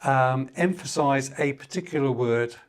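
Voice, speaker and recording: A man's voice: mid-range voice, a little slow. A man hosting a podcast interview, engaged and affirming, asking reflective questions of his guest. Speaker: podcast host.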